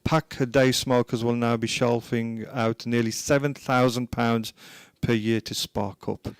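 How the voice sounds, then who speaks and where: A man's voice: medium pitch, steady tone, unhurried, clear, resonant tone, no echo. A man co-hosting a radio show, reading out news items in a jokey, casual way, recorded dry in a studio. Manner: jokey, reads news snippets aloud. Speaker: radio co-host.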